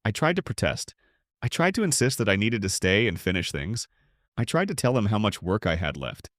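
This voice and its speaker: A middle-aged pastor narrates his own book as a scripted audiobook. His voice sits on the low side, and the delivery is measured and reflective. The recording is dry, with no room sound. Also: big pitch swings, a bit bright, no room sound.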